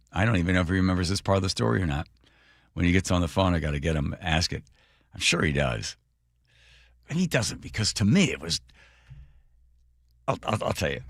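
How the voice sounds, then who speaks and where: An older man, a radio host, telling a story with loud exclamations and acted-out quotes. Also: low-pitched, moderate pace, vocal fry, pauses often, no echo, studio quality. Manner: excitable, exclaims loudly, acts out quotes. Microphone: studio microphone.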